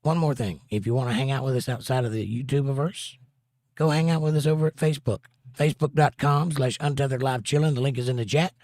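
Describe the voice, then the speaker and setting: A man's voice: mid-range voice, steady tone, fast talker, darkish tone, no echo, studio quality. A man hosting a casual livestream, joking around and reading viewers' chat messages aloud. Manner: jokey, reads chat aloud. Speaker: host.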